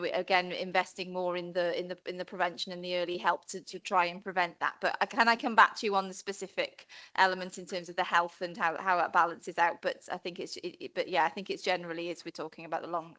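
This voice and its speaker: Female cabinet member, low-ish bright voice, hesitant rapid answers. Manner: hesitant, repeats words. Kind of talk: answering at council meeting.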